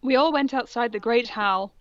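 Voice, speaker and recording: A woman's voice: on the high side, moderate pace, a bit bright, no echo, muffled recording. A woman co-hosting a podcast, reading fan fiction aloud with mocking, laughing asides. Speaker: podcast co-host.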